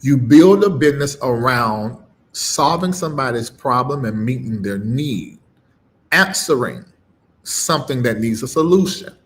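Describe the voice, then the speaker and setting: A middle-aged man preaching on a live stream, emphatic and informal, swinging between loud punches and low murmurs and repeating phrases with a rising cadence. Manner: informal, dropped verb endings. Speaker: preacher and livestream host.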